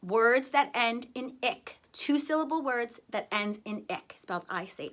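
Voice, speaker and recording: A woman teaching first graders to spell, with a bright, clear voice pitched a little high. She speaks slowly and deliberately, sounding words out one syllable at a time. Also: animated. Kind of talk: recorded spelling lesson.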